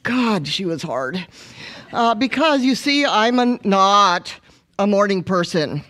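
A woman's voice: medium pitch, big pitch swings, a little slow. A middle-aged woman, a missionary guest preacher, praying and then preaching with humorous stories and call and response. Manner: warm, humorous storytelling with congregational call and response. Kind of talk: sermon with opening prayer.

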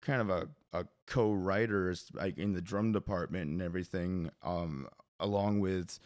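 Very deep-voiced man, dry close sound. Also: normal speed, a little mellow, dry recording. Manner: hesitant, with many fillers and restarts. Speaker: drummer and percussionist. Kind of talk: casual interview chat.

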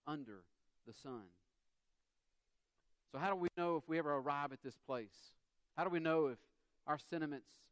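A man's voice: fairly high pitch, dry recording. A man with a Southern US accent preaching a sermon, acting out quotes and everyday dialogue as he goes. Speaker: pastor.

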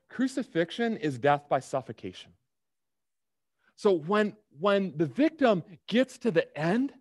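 A man's voice: fairly high pitch, a little mellow, no room sound, studio quality. A man preaching a sermon in a conversational way, repeating words and checking in with his listeners. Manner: conversational, repeats words, asks the room "okay?". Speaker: pastor.

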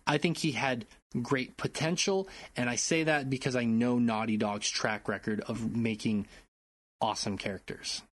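A man's voice: medium pitch, moderate pace, no echo. A man co-hosting a casual podcast, rambling a little and correcting himself as he talks about games. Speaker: podcast co-host. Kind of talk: casual chat.

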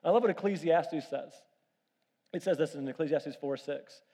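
Male preacher, sermon, animated storytelling, fairly high voice, long hall reverb. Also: normal speed, breathy edge. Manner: animated storytelling with audience questions. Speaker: pastor.

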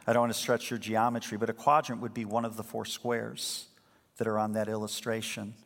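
A man preaching a sermon as a pastor, telling the story with lively energy and acting out the voices of the people in it. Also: lowish voice, a little fast, creaky. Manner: lively storytelling, acts out quoted speakers. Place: church sanctuary. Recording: long hall reverb.

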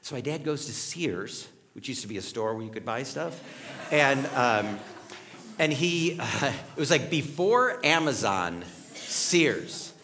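Animated, conversational male pastor preaching. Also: mid-range voice, unhurried, a little hiss or hum. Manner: conversational, storytelling, asks the audience questions. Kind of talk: sermon.

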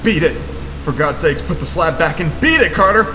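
A man voicing a panicked young man trapped below a tomb, shouting frantic, pleading warnings. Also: a little high, normal speed, noisy background, lightly acted. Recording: echoey reverberant room with loud rain.

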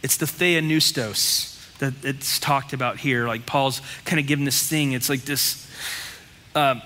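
A man's voice: medium pitch, a little slow, sharp tone, big-room sound, a little hiss or hum. A man preaching a sermon as pastor, talking bluntly and conversationally, with lots of rhetorical questions.

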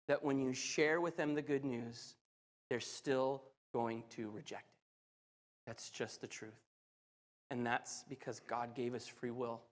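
A man preaching a sermon and reading scripture aloud, telling stories with passion that climbs into loud excitement. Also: mid-range voice. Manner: impassioned storytelling, rising to loud excitement. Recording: long hall reverb.

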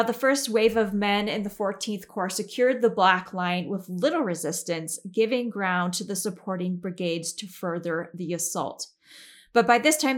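A woman hosting a podcast, giving a casual history recap in a chatty way with fillers and frequent giggles. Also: mid-range voice. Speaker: podcast host.

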